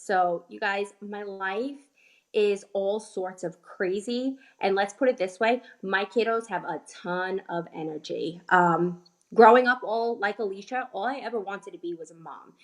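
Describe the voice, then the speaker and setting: Earnest New York-accented woman. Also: mid-range voice. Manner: earnest, emotional, close to tears. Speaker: guest speaker, health coach. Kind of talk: personal testimony.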